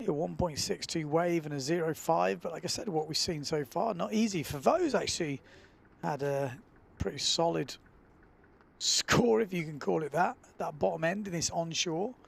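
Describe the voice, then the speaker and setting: High-voiced chatty male sports commentator. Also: vocal fry, slightly rough. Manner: chatty, relaxed, fills pauses with uh. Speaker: event commentator.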